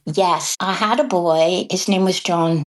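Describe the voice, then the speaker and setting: A middle-aged woman, a kindergarten teacher and podcast guest, telling classroom stories in a lively conversational way. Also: lowish voice, measured pace. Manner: animated, acts out quoted voices and laughs often. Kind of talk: conversational storytelling.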